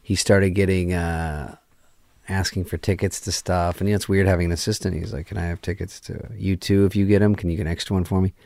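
A middle-aged man with a deep, low voice tells a story as a guest in a casual chat. He swears freely and acts out what each person in it said. His voice is close and dry, with no room around it. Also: fast, gravelly, no echo. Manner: profane, animated, acts out quoted lines.

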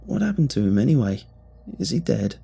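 A man's voice: mid-range voice, big pitch swings, a little fast, vocal fry, mellow, slightly rough, voice pushed up, heavily acted. A man voicing a playful, teasing young male friend in a spoken horror story. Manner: joking, teasing.

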